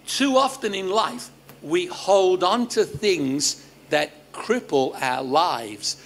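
An Australian man preaching at a church service, his voice sitting notably high. He speaks slowly, in unhurried phrases. He trips over restarts, slips in jokes and tosses questions to the congregation. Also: animated, a bit bright, slight background noise. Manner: restarts words, jokes, quizzes the audience. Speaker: pastor. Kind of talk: lively sermon to a congregation.

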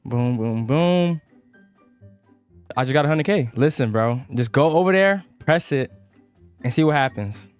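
A man hosting a gaming video, commentating and role-playing casually, excitable and heavy on slang, often laughing. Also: mid-range voice, measured pace, long pauses, smooth, faint music behind.

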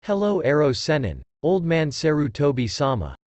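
A man's voice: fairly high pitch, big pitch swings, normal speed, darkish tone, no room sound. A man voicing a cheeky, kind spirit of a father who explains things at length.

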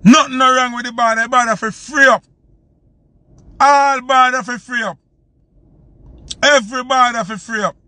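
A man's voice: very high-pitched, fairly even intonation, normal speed, long pauses, bright, forceful tone, dry recording. A man from Jamaica with a Jamaican accent, hosting a live stream and ranting heatedly, repeating his points for emphasis. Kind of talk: live-stream commentary rant.

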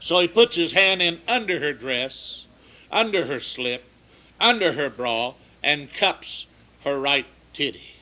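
A man's voice: fairly high pitch, animated, takes it slowly, pushed and bright, low-quality recording. A man with a folksy drawl telling bawdy jokes, acting out the people in them. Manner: folksy drawl, acts out quoted voices. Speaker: comedian telling truck-stop jokes.

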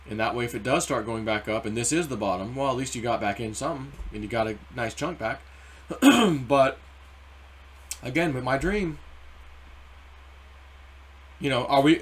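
A man with a middle-of-the-road pitch talks crypto charts in a loose, rambling way. He jumps between numbers and acted-out asides, animated and unscripted. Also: breathy edge. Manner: rambling, animated, acts out quotes. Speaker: crypto YouTuber. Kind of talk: casual chart commentary. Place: car or home desk.

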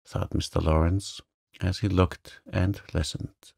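A man reading a bedtime story aloud in a gentle, soothing, calm way. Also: low-pitched, slow pace, vocal fry, no room sound, clean studio sound. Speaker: narrator.

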